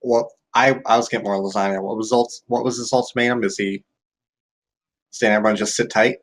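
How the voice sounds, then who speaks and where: Husky low joking man. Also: fairly even intonation, fairly quick. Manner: wry, joking. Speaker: player. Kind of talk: casual joking at a game table.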